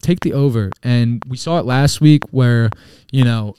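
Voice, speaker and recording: A man's voice: mid-range voice, measured pace, mellow, a little hiss or hum. A man co-hosting a casual sports betting podcast, rambling and crude in his banter. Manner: rambling, crude, trash-talking. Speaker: podcast co-host.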